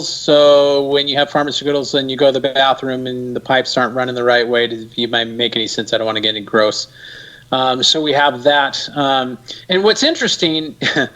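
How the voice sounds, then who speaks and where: A man speaking as a guest in a casual interview, animated, emphatic and sarcastic. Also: mid-range voice, poor audio.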